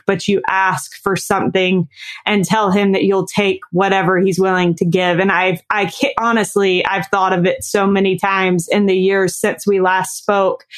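A woman interviewing guests, chatting and reflecting before she asks her question. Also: mid-range voice. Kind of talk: conversational interview.

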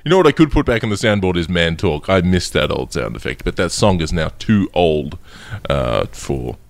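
Joking deep-voiced podcast host, dry sound. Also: male voice, very animated, moderate pace, vocal fry, dry recording. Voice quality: deep, demon-like through a distorted mic. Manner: joking, rambling, laughs often. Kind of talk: casual chat.

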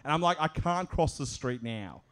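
Man, live comic storyteller, high and very animated voice. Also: moderate pace, clear, resonant tone. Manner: animated, laughing often, acting out quoted voices. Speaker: comedian telling a story. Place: live show stage.

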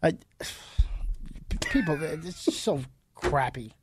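A man's voice: a little high, lively intonation, slow pace, noisy background. A man co-hosting a casual podcast chat, ranting indignantly about everyday annoyances. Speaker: co-host.

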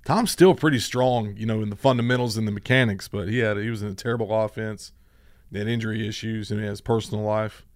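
A man co-hosting a morning show, giving steady, opinionated sports talk. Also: fairly low pitch, quick pace, dry recording, clean studio sound. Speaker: radio co-host.

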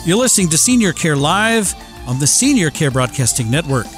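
A man's voice: fairly high pitch, sing-song, fairly quick, over music. A middle-aged man hosting a radio talk show, chatting casually with many fillers and restarts. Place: radio studio.

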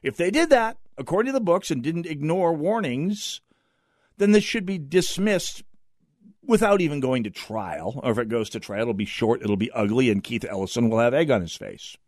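A man's voice: mid-range voice, animated, normal speed, a little mellow, no echo, studio quality. A man hosting a political talk radio show, delivering opinionated, sardonic commentary with frequent fillers and restarts.

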